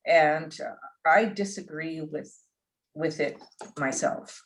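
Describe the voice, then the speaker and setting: A woman's voice: low voice, slow. A woman chairing a town council meeting over a video call, polite and a little hesitant.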